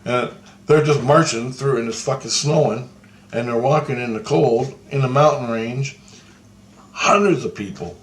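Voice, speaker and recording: Guy rambling about a vision he had, swears a lot, mid-pitched voice, bit of faint noise behind. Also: normal speed. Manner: profane, breathless, awestruck. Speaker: storyteller recounting a vision. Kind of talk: rambling first-person account.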